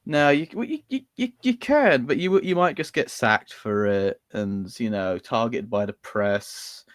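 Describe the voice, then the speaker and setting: A man's voice: mid-range voice, animated, unhurried, dry recording. A man co-hosting a podcast, sarcastic and rambling with lots of fillers. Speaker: podcast co-host. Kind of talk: ranty casual chat.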